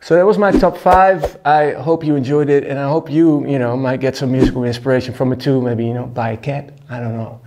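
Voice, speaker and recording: Laid-back male musician, dark mellow tone, casual storytelling full of fillers. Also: mid-range voice, brisk, few pauses, slight background noise. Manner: relaxed, laid-back, lots of fillers and "you know".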